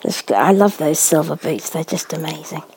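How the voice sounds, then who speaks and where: A woman vlogging casually while spoon-feeding a baby, cooing in baby talk and often dropping to a soft whisper. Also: deep voice, normal speed, a little hiss or hum.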